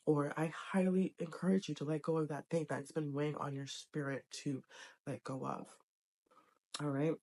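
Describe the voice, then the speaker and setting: A woman's voice: sits low, a little mellow. A young adult woman talking to camera in a casual vlog, earnest, emotional and encouraging. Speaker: vlogger. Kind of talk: casual heartfelt vlog talk.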